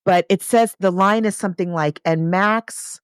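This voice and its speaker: A woman in a casual book discussion, animated and enthusiastic, acting out quotes with big jumps in her voice. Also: medium pitch, a little fast, dry recording, clean studio sound.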